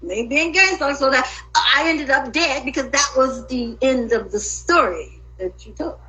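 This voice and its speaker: A woman in an emotional personal monologue, talking in an agitated, profane and rambling way with sudden loud outbursts. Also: high voice, unhurried, rough recording.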